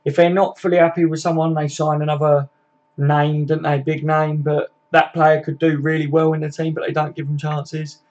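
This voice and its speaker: Chatty young lad, flat pitch. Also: male voice, moderate pace, lo-fi sound. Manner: chatty, swears, tag questions. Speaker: live stream host. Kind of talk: casual live chat reading comments.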